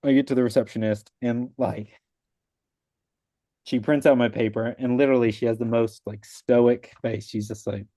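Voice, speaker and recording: This dry, studio-quality clip features a mellow, medium-pitched man speaking at a normal speed with fairly even intonation. As a guest on a video call, the adult father of young kids, who has a wife, tells the casual story of passing his exam. He rambles, fills it with "like", and imitates the people he quotes.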